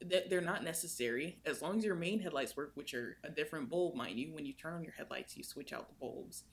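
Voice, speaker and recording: A young woman co-hosting a podcast, telling a story in casual chat with animated swings in pitch. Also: fairly quick. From United States. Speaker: podcast co-host.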